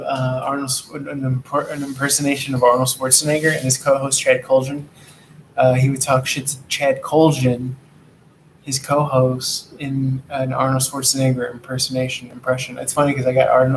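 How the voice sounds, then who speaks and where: A man's voice: mid-range voice, a little hiss or hum. Laid-back man rambling in an echoey room. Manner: laid-back, free-associating, drifts off topic. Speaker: tarot reader. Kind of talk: casual rambling tarot reading.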